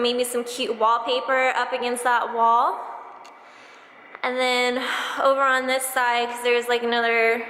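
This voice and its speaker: Young woman, bright voice, casual vlog chat, lots of ums, roomy echo. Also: fairly high pitch, slight background noise. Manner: chatty, many fillers like um and like. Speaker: sewing vlogger. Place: home and empty basement, indoors. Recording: echoey room.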